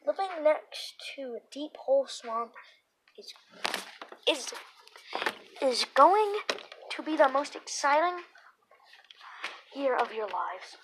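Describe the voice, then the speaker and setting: A woman's voice: high-pitched, very animated, takes it slowly, pauses often, background noise, heavily acted. A woman reading the lines of a stern, scolding father in a children's story, in her own voice. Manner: scolding and lecturing. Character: stern bald scientist father.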